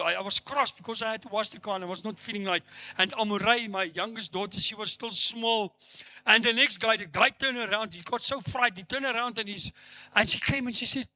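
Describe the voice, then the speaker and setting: A man's voice: sits high, fairly quick, pushed and bright, no echo. A middle-aged man preaching a sermon as pastor, acting out the dialogue he quotes with rising emphasis. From South Africa.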